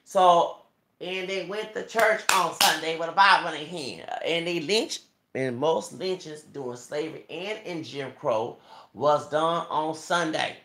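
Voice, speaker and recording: A man's voice: a little high, unhurried, pushed and bright, a little hiss or hum. A man from Texas with a Southern accent, a YouTuber giving an emphatic, preachy monologue that quotes scripture. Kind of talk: impassioned monologue. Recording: echoey room.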